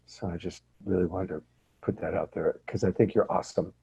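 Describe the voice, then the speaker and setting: A man coaching a training group over a video call, speaking in a gentle, encouraging, affirming way. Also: sits low, steady tone, a little fast, creaky, husky, highs cut off.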